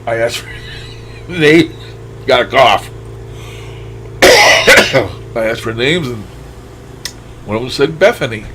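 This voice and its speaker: A man's voice: medium pitch, lively intonation, takes it slowly, long pauses, very noisy. An older man talking casually over recordings he plays back, musing aloud and chuckling as he trails off. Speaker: paranormal radio session host. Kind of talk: casual commentary over playback.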